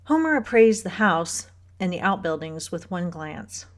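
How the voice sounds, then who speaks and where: Reading a novel for an audiobook, a female narrator follows a script in a measured, steady storytelling style, her voice on the low side.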